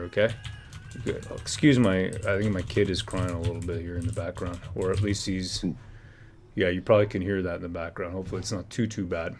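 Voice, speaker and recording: A man hosting a live stream, ranting and rambling with frequent restarts and shifts between heated and low-key talk. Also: a bit bright. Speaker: livestream host. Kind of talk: ranting livestream commentary.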